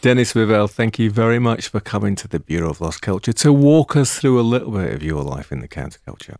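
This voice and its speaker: A man's voice: on the low side, lively intonation, a little mellow, dry recording, studio quality. A man hosting a podcast, talking loosely with the guest and closing the show. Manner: conversational, loose, drawn-out phrasing. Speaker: podcast host. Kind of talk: interview and show outro.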